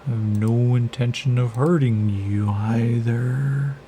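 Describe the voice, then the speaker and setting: A soft, gentle spider-like creature, put on by a man speaks in a slow, measured, calm voice. The tone is mellow and low, and a faint hiss sits behind it. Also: close to an everyday voice.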